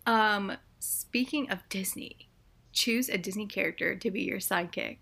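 A young woman in a casual co-hosted chat, talking in a relaxed and chatty way with frequent fillers. Her voice sits at an ordinary medium pitch. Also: normal speed, creaky, breathy edge. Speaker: co-host.

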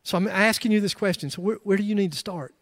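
High-voiced man preaching a lively sermon. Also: quick pace, no echo. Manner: emphatic, rising to loud bursts with joking asides. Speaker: pastor.

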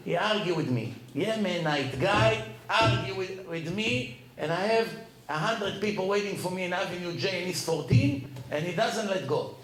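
A man giving a Torah lecture as a lively storyteller who laughs at his own tales. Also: high voice, moderate pace. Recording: echoey room with faint ambience.

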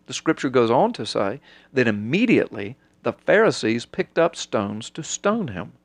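A preacher explaining scripture in a conversational, sermon-like way, acting out quotes with big jumps in his voice. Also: dry recording. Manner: animated, acts out quotes with big pitch jumps.

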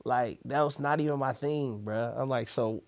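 A young man telling a story in casual chat, animated, laughing and acting out what people said. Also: medium pitch, moderate pace. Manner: animated, laughing, acts out quotes.

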